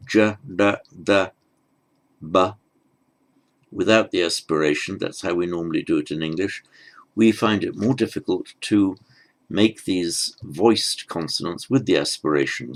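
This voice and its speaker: A man's voice: lowish voice, moderate pace, rough recording. A man teaching a pronunciation lesson, patiently demonstrating each sound and repeating it.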